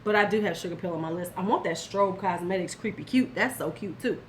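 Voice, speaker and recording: In this casual beauty commentary vlog, an older woman speaks a little fast in a fairly low voice, giving sassy, blunt advice directly to the camera and sometimes replying to chat. A bit of hiss or hum is audible.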